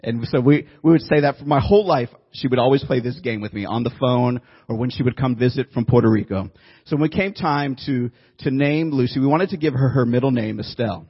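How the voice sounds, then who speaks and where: A pastor with a husky, slightly breathy, medium-pitched voice speaks fairly quickly, telling stories in a relaxed way and joking with his congregation now and then. The lo-fi, dull recording sounds like it was made in a church room.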